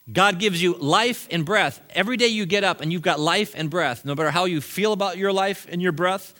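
A middle-aged man, a pastor, preaching a sermon in a church, animated and shifting between loud emphatic points and quiet asides, with brief chuckles. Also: high voice. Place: church sanctuary.

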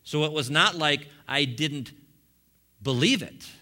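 A middle-aged man preaching a sermon, telling his story in an animated way with humorous asides. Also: a little high, takes it slowly. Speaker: pastor. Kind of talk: sermon testimony.

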